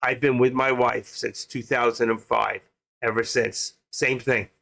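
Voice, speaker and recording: An older man hosting a live trading stream, talking in an excitable, rambling casual way. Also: medium pitch, unhurried, gravelly.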